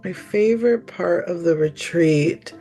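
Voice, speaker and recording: A woman giving an earnest personal testimonial, halting and full of "like" and "you know", close to tears. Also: fairly low pitch, dark tone, soft background music. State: emotional, near tears. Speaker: retreat participant giving a testimonial.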